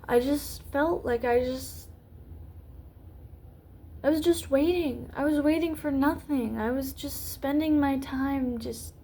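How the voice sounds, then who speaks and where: A young woman YouTuber rambling through an unscripted vlog, full of fillers and restarts, her voice going hoarse. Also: sits high, takes it slowly, warm tone, a little hiss or hum. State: losing her voice.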